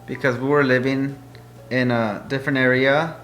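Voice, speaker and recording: A man's voice: mid-range voice, flat delivery, normal speed, fairly bright tone, faint music behind. A man co-hosting a casual home vlog with his wife, giving easygoing, laid-back answers. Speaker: co-host, husband. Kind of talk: casual Q&A chat.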